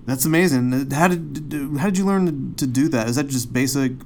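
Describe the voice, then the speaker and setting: A man's voice: medium pitch, normal speed, a little mellow, slight background noise. A man hosting an interview, moved by his guest's words and repeating words as he starts his questions. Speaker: host.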